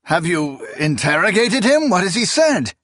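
A man's voice: fairly high pitch, animated, unhurried, fairly bright tone, no echo, clean studio sound, pitched above the performer's own voice. A man voicing a wary, stocky sorcerer who mumbles and stammers under pressure. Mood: tense.

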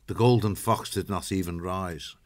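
A man reading an audiobook in steady, measured scripted narration. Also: low voice.

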